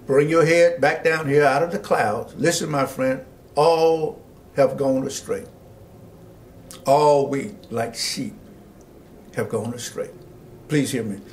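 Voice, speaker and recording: A man pastor teaching a Bible study, slowly reading scripture aloud and preaching with rising emphasis and asides to his listeners. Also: a little high, darkish tone, slight background noise. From Georgia, US.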